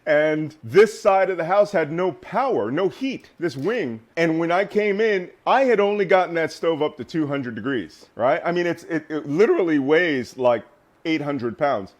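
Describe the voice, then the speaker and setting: A man guest in a casual interview, telling lively stories and laughing often. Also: fairly high pitch, normal speed, highs cut off. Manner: animated storyteller, laughs often.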